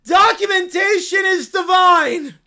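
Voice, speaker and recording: A man voicing an excitable little male bear with shrill, wildly enthusiastic proclamations. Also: takes it slowly, exaggerated voice. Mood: excited.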